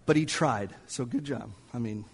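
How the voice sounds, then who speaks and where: A man's voice: medium pitch, normal speed, breathy edge, in a large hall. A male pastor preaching a sermon in a church, telling a story dramatically and sometimes dropping to near-whispers. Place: church sanctuary.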